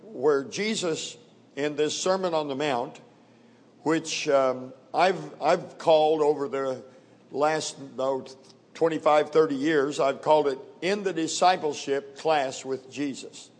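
A middle-aged man preaching a sermon, reading scripture in a measured, deliberate way and leaning on key words. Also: fairly high pitch. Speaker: pastor. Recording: long hall reverb.

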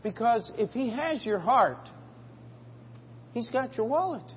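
Preaching as pastor in a church sanctuary, a middle-aged man uses a very high, animated voice at a slow pace, folksy and emphatic, restarting often. There's slight background noise, and the lo-fi recording is dull with lengthy reverb.

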